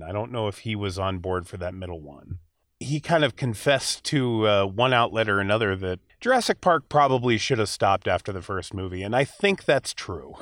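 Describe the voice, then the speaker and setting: A man hosting a movie podcast talks frankly about films he disliked. His pitch moves a lot as he talks. The sound is dry and close to the mic. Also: fairly bright tone, dry recording. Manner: opinionated, frank, with fillers. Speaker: podcast host. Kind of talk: casual movie review chat.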